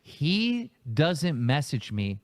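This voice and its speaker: Profane, animated man telling a story. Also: on the high side, extremely slow. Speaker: podcast co-host. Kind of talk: casual storytelling chat. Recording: played clip from another podcast.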